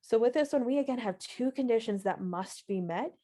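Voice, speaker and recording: A woman teaching software on a live webinar, explaining steps in a friendly way and stressing key words. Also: fairly high pitch, expressive, brisk. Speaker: software trainer.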